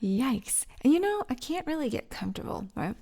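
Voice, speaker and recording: A middle-aged woman rambles to her camera from her floor at home, giggling and poking fun at herself. Her voice sits a little high and carries a gravelly fry. She talks casually and loosely. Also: big pitch swings, moderate pace, warm tone. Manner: giggly, rambling, self-mocking, chatty. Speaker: vlog host. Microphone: mic set up by her partner.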